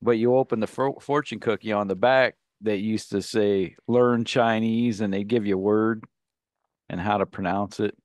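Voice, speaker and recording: Male radio co-host, low and dry, loose rambling storyteller who laughs at himself. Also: steady tone, normal speed, darkish tone, no echo. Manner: rambling anecdotal storyteller, laughs at his own stories. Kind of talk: casual radio banter.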